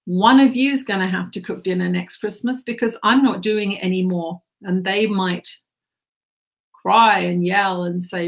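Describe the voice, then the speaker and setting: A woman channeling spiritual teachings, speaking in slow, repetitive, earnest instructions. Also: medium pitch, steady tone, gravelly.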